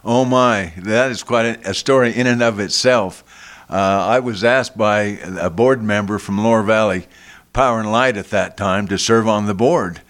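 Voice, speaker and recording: An older man, a guest in a radio studio, telling a long personal story slowly, with frequent restarts and repeated words. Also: lowish voice, fairly bright tone. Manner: slow, halting, with many restarts.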